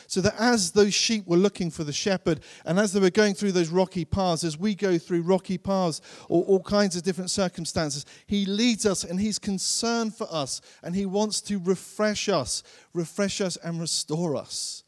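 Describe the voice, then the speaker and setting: A man preaching a sermon in an earnest way, repeating phrases for emphasis and slowing down to stress key lines. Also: high-pitched. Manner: slows and drops his voice to stress key lines. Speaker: pastor.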